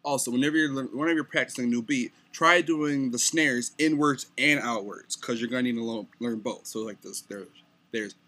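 A man's voice: mid-range voice, fairly quick, background noise. A young man making a casual beatbox tutorial, talking loosely and stumbling over words. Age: young adult.

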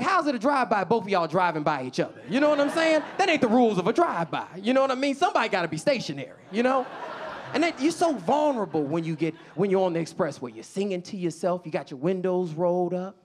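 A young adult man from Chicago's south side performs stand-up on a comedy club stage in front of a live audience. His voice is high, sing-song and fast, and he acts out characters using funny voices.

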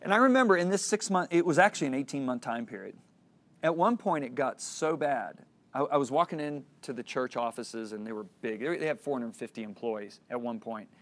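A middle-aged man teaches a Christian course through a personal story. He speaks earnestly, at a middle pitch, and slips into the voices of the people he quotes. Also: animated, fairly quick, a bit bright. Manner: earnest storytelling, acts out dialogue.

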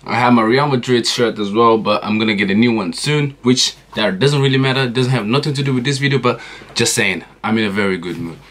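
A young man talking to his viewers at the start of a reaction video, loose and rambling, with constant filler asides. His voice sits at an ordinary male pitch and he speaks in easy, unscripted chat. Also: brisk, a bit bright, slight background noise. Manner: rambling, keeps saying "you know what I'm saying". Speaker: reaction channel host. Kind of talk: casual vlog chat.

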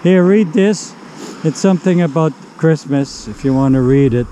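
A middle-aged man speaks outdoors as a street preacher, urging and pleading in an earnest way. His voice is dark and mellow. A faint hum of passing traffic sits behind him. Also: on the high side, moderate pace, rough recording. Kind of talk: one-on-one street evangelism. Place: outdoors in a city park in winter.

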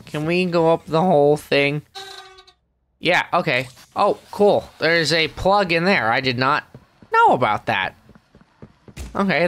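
A let's play gamer commits to a full character voice, fairly high and smooth, as a grumpy, weary middle-aged male squid. His commentary on the game is sarcastic and grumbling, dotted with deadpan asides.

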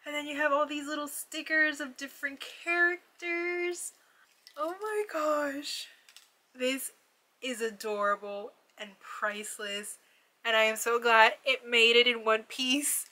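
A woman casually unboxing gifts in a vlog, gushing and excitable, with frequent gasps of delight. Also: a little high, normal speed. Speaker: vlogger opening a gift box. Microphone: ring light setup, camera on a desk.

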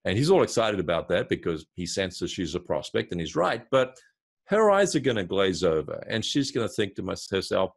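A man who is a marketing consultant, a guest in an interview, explaining his ideas through a lively step-by-step storytelling example. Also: sits low, normal speed, gravelly, breathy edge.

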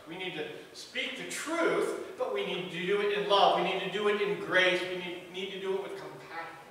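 A man's voice: sits high, a little slow, fairly bright tone, a little hiss or hum. A man preaching a sermon as pastor of a church, earnest and repetitive in his cadence. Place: church sanctuary. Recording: echoey church hall from far off.

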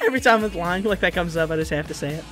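A man's voice: high-pitched, fairly bright tone. A man hosting a music reaction video, joking, swearing and laughing often in casual chat.

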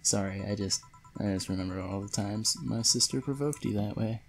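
A man's voice: on the low side, brisk, creaky, faint music behind. A man reading the lines of a blunt, fond woman who runs a bar in a game, with little change to his voice. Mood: amused.

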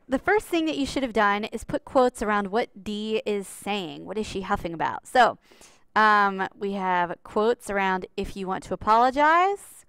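A woman's voice: medium pitch, fairly bright tone, clean tone, no echo. A woman teaching a recorded writing lesson over slides, in a chatty, upbeat way and talking straight to her students.

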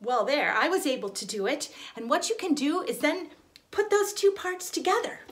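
A woman violin teacher talks through a lesson in a studio. Her voice sits a little high, and her tone stays gentle and encouraging. She restarts small phrases now and then. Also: very animated, normal speed, over loud music. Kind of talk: friendly instructional explanation. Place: recording studio.

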